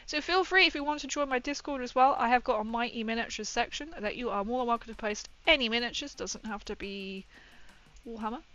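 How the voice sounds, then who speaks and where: A woman hosting a casual live stream while she paints miniatures, chatting excitedly and greeting her viewers. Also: on the high side, brisk, lo-fi sound. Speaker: livestream host painting miniatures. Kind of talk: casual livestream chat.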